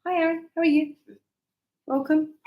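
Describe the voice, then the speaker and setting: In an echoey room with lo-fi sound, a middle-aged woman with an Australian accent gives a lively live grammar lesson in English. She acts out small examples to explain, speaking in a high voice at a moderate pace.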